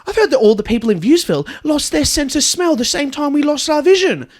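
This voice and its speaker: A man's voice: very high-pitched, lively intonation, fairly quick, voice pushed up. A man doing Barbara, a cursing blind bus. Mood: furious, insulting. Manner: swings from chirpy guide patter to furious swearing. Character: blind foul-mouthed female bus tour guide. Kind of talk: comedic storytelling podcast.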